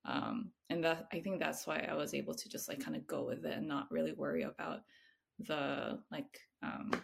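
Gravelly low-voiced woman author. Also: big pitch swings, normal speed, background noise. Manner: hesitant, many "like" fillers, laughs often. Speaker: picture book author and illustrator. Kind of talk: casual interview chat.

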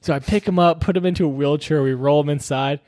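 Young male co-host: high, dry, lively teller of wild stories. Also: quick pace, no echo. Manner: animated, acts out quoted voices, swears freely. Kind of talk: casual chat, storytelling.

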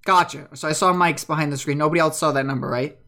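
A woman with a fairly low voice runs a casual online tabletop game as game master. She talks easily and patiently, walking the players through the rules with plenty of fillers. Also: steady tone, fast talker, sharp tone.

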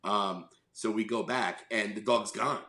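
A man's voice: fairly low pitch, measured pace, sharp tone, slight background noise. A middle-aged man from New York chatting casually as a podcast co-host, telling a rambling story, swearing freely and acting out voices. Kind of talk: casual chat. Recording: echoey room.

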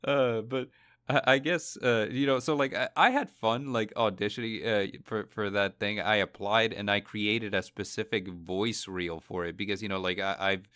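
A man's voice: lowish voice, fairly even intonation, normal speed, fairly bright tone, no room sound, studio quality. A man co-hosting a casual podcast, rambling with many fillers and laughing easily. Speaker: podcast co-host. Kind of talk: casual chat.

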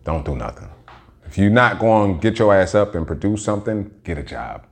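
A man's voice: lowish voice, very animated, fairly quick, vocal fry. A man hosting his own podcast, telling stories in a rambling, slangy, heavily profane monologue. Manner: rambling, slangy, heavy swearing. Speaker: podcast host.

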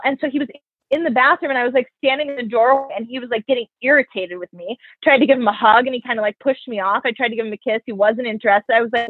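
A young woman with a fairly high, husky voice tells a long personal story to a friend. She is frank and profane, and she quotes both sides of every exchange. The audio is dry, narrow and phone-like. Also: fast talker, dry recording. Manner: animated, profane, quotes people in her stories. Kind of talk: casual storytelling chat. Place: New York.

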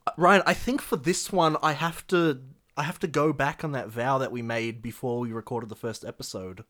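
A man's voice: mid-range voice, moderate pace, a bit bright. A man hosting a film podcast in casual comedic chat, with jokey, mock-dramatic delivery. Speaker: podcast host.

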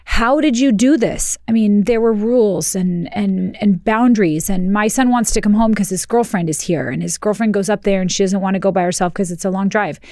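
A woman in her forties co-hosting a podcast, chatting candidly, swearing freely and telling animated stories. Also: mid-range voice, a little fast, hardly any pauses, no echo, clean studio sound. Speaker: podcast co-host. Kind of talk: casual chat. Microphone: close headset or studio mic.

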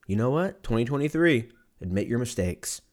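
A man's voice: mid-range voice, animated, normal speed, darkish tone. A man hosting a podcast, rambling through a crude, self-mocking comedic monologue with lots of swearing. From Armenian and German heritage.

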